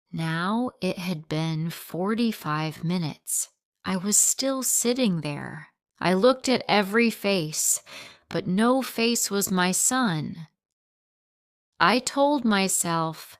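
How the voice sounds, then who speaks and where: A woman narrating a simple audiobook story for English learners in short, steady, plain sentences. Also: lowish voice, clear, resonant tone, no echo, clean studio sound.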